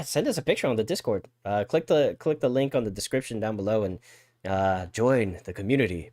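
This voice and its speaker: A man's voice: mid-range voice, darkish tone, dry recording, clean studio sound. A man co-hosting a live podcast, chatting casually and repeating words as he talks. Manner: chatty, stammers and repeats words, reads chat aloud. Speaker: podcast co-host. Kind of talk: casual live-stream chat.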